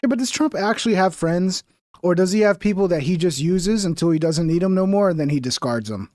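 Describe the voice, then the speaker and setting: Mocking high-pitched man reacting to clips. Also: fairly quick, dry recording, clean studio sound. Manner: animated, mocking, swears freely. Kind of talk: casual profane reaction commentary.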